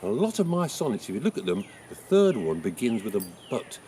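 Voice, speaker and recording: An actor with an English accent playing the playwright Shakespeare, chattily teaching how to write a sonnet. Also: male voice, lowish voice, big pitch swings, fairly quick, mellow, slight background noise. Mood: friendly teaching. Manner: chatty, explains things with homely examples. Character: William Shakespeare, chatty old male playwright. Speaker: writing teacher. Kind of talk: in-character writing lesson.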